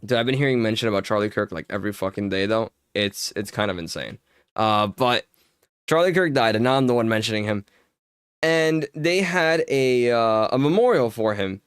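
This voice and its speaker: A man's voice: on the low side, moderate pace, smooth, no room sound, clean studio sound. A young man streaming and chatting casually while gaming, ranting heatedly with lots of swearing and filler words.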